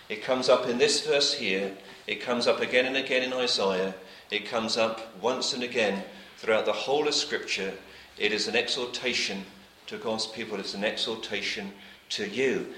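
A man delivers a sermon to his congregation, reading old scripture wording and then driving each point home through repetition. His bright, clear voice is fairly low-pitched and rings through an echoey church hall at normal speed with few pauses. His phrases often sink to a soft, quiet finish.

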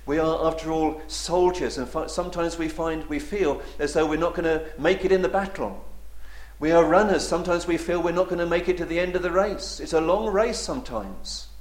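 A male preacher delivering a sermon, swinging between loud emphatic declarations and quiet, drawn-out endings. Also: on the high side, echoey room.

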